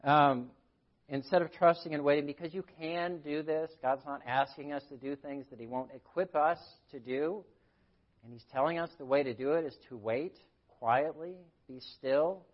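Earnest man preaching, slightly raised pitch. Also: normal speed, highs cut off. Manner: earnest storytelling with quoted voices. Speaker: grief counselor speaking at church. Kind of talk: sermon.

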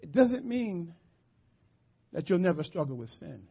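A middle-aged man from West Philadelphia preaching a sermon, animated and storytelling, shouting for emphasis. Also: high-pitched, unhurried, creaky, breathy edge. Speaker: pastor. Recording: muffled lo-fi church audio.

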